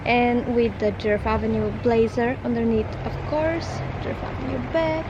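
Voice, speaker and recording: A woman's voice: on the high side, fairly even intonation, moderate pace, muffled recording, noisy background. Chatty upbeat young woman vlogging. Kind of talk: casual vlog narration. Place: home and outdoors around town.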